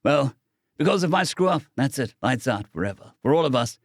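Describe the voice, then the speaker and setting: A man's voice: mid-range voice, lively intonation, a little fast, no room sound, studio quality. A man voicing a frightened young boy pilot who talks in a shaky, folksy way. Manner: shaky, folksy, saying aye. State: shaky breathing. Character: frightened young human boy pilot, trembling but brave.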